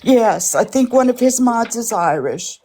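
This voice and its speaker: A woman on a live stream, shaken and speaking haltingly. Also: a little high, animated, dark tone, slight background noise.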